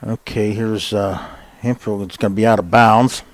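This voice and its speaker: A man doing casual, folksy play-by-play for a high school soccer game, chatty with plenty of fillers and quickening when a shot comes. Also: steady tone, no room sound. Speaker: play-by-play announcer. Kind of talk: casual sports commentary.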